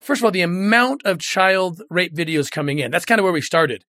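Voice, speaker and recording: A man's voice: sits high, expressive, fairly quick, sharp tone, dry recording. Earnest middle-aged man, dry studio sound. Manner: earnest, emotional, retells quoted dialogue. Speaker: former federal agent, interview guest. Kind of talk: candid interview storytelling.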